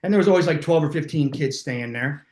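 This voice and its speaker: A man hosting a live talk, telling stories in a lively, casual way and slipping into voices for the people in them. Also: on the high side, fast talker, reverberant. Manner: animated, acts out voices in his stories. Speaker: host. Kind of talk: casual storytelling to a live online audience.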